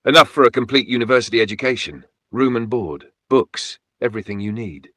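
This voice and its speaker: A man's voice: mid-range voice, a little fast, a bit bright, no echo, studio quality, lightly acted. A man voicing a stern older village chief who speaks firmly and formally. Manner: firm, commanding, accusing.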